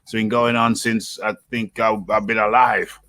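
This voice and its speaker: A British man hosting a casual boxing chat, animated and laughing often, repeating his words as he goes. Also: lowish voice, moderate pace, dry recording. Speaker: host.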